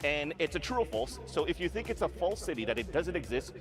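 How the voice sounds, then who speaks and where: A man's voice: a little high, sing-song, quick pace, over music. A man hosting a casual quiz game segment, playful and teasing, at an esports event. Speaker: host.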